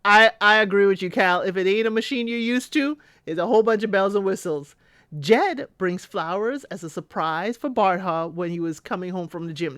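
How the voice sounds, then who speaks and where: A woman speaking, casually recapping reality TV episodes in a chatty, animated way and acting out the quotes. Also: medium pitch, normal speed, no room sound, studio quality. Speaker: recap vlogger.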